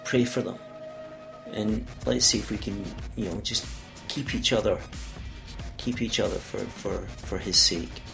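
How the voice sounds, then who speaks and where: A man's voice: fairly low pitch, steady tone, unhurried, creaky, soft background music. A Scottish man hosting a podcast, chatting casually and wandering off on tangents. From Scotland. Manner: rambling, goes off on tangents. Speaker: podcast host. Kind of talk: casual conversation. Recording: echoey room.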